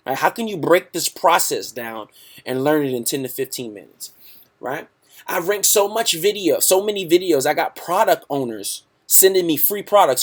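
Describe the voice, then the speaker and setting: A man's voice: a little high, a bit bright. A man hosting a sales webinar, hyped and salesy, tacking "right?" onto nearly every sentence and calling his listeners "guys". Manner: hyped, repeats "right?" constantly; salesy, pumped, talks to the audience as "guys". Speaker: webinar host.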